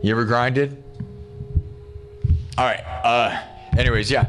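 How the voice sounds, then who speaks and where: A man's voice: mid-range voice, a little slow, long pauses, fairly bright tone. A man hosting a live music stream, chatting casually with viewers in an upbeat, rambling way, thinking aloud and restarting his sentences. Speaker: livestream musician host.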